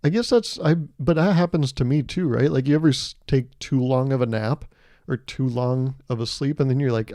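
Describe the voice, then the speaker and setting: A man's voice: medium pitch, moderate pace, mellow, dry recording, studio quality. A man hosting a podcast, rambling through a playful comedic monologue full of self-amused asides. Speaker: podcast host.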